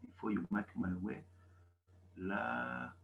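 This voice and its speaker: A man's voice: lowish voice, steady tone, slow pace, vocal fry, narrow, tinny audio, very noisy. Man teaching in an echoey classroom. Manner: repetitive, emphatic, asks "okay?" often. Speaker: German teacher. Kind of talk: classroom lesson.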